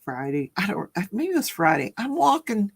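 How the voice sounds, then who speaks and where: Older woman with a gravelly voice. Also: mid-range voice, very animated, moderate pace. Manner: rambling, self-correcting storyteller. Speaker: livestream host. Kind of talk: casual livestream chat.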